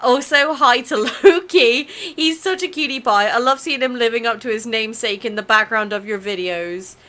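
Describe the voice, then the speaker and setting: Bright-voiced chatty young woman vlogger. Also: on the high side, normal speed. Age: 20s. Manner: chatty and emotional, swears casually and laughs often. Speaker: YouTube channel host. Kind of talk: casual vlog chat reading viewer comments.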